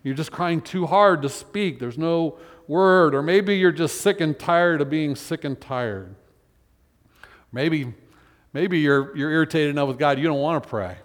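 A man's voice: fairly high pitch, unhurried. A man preaching a sermon as senior pastor, talking to his congregation in a loose, conversational way with frequent restarts and fillers. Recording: church hall with long reverb.

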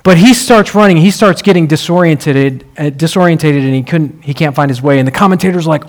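A man's voice: a little high, a little fast, hardly any pauses. A man preaching a sermon, telling stories in a conversational way and building to emphatic swells.

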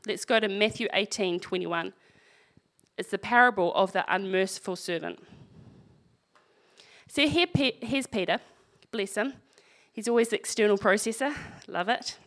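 A woman's voice: mid-range voice, normal speed, a bit bright. Conversational woman preaching a sermon. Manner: conversational, wry asides while reading scripture.

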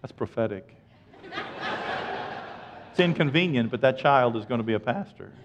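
A man preaching a sermon as a pastor, telling stories and acting out voices with loud high-pitched outbursts. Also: expressive, normal speed, background noise. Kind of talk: sermon with storytelling. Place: church. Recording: dull sound with long hall reverb.

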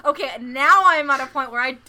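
High, lively woman, playfully indignant. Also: brisk. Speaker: podcast co-host. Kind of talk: casual chat. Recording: noisy background.

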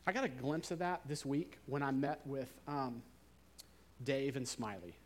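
A male preacher delivers a sermon in a relaxed, conversational voice of middling pitch. He slows down and drops to a softer voice to stress key words.

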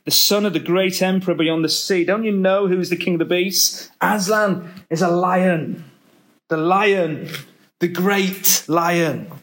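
A man voicing a stern, excitable male beaver in a storybook read-aloud. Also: high-pitched, unhurried. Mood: stern, insistent. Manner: stern, emphatic.

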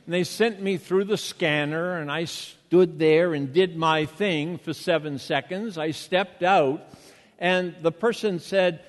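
A man's voice: on the high side, slow, long reverb tail. An older man with a Boston accent, a pastor preaching a sermon in a conversational storytelling way, with rhetorical questions.

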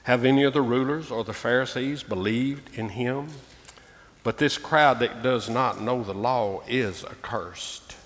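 A man's voice: medium pitch, unhurried, fairly bright tone. A male pastor preaching a sermon, reading scripture aloud and calling his listeners "folks" with emphatic rises. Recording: long reverb, faint ambient noise.

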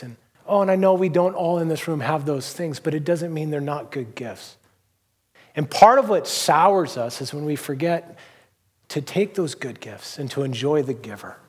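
A middle-aged male pastor with a somewhat high, slightly husky voice delivers a sermon. He talks in a loose, conversational way, telling stories with plenty of "you know"s and restarts. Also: a little mellow. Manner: conversational storytelling with many fillers and restarts. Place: church hall.

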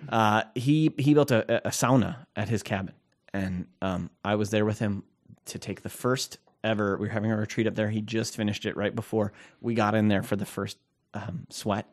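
A man's voice: fairly low pitch, steady tone, normal speed. A man in his thirties co-hosting a podcast, rambling and chatty with lots of fillers. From Scandinavian heritage. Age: 30s. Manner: chatty and rambling, many fillers, laughs easily. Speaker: podcast co-host. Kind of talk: casual podcast banter.

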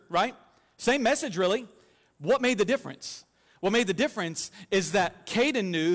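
A man with a notably high voice delivers a sermon as pastor, telling lively stories and slipping in jokes. His voice rings out with a long hall reverb behind it. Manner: animated storytelling with humor.

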